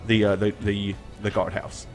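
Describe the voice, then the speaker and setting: A man's voice: fairly low pitch, little pitch movement, normal speed, faint music behind. A man narrating a tabletop game as game master, casual and chuckling, with frequent fillers.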